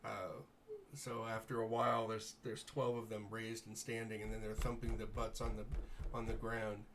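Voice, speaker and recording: A man narrating as game master in a tabletop game, in halting, unscripted narration that corrects itself as he goes. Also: lowish voice, flat delivery, background noise.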